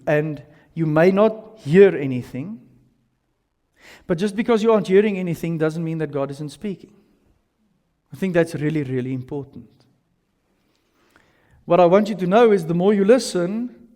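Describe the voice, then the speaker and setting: A man preaching a sermon as pastor, telling lively stories with casual slang. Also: fairly high pitch. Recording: long reverb of a large hall.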